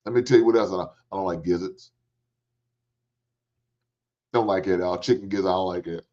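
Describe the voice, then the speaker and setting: A man's voice: deep voice, a little fast, dark tone. A middle-aged man, hosting a livestream in casual, joking storytelling chat and swearing freely. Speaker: livestream host. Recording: dull lo-fi stream audio.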